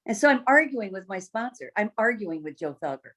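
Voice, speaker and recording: A woman's voice: mid-range voice, very animated, a little fast, a bit bright. A woman casually telling a story about her business. She laughs often and acts out the voices of the people she quotes.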